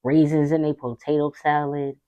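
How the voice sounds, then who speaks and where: A woman's voice: deep voice, flat delivery, moderate pace, muffled recording, crowd noise. A woman guest in a casual chat who teases the host with playful questions.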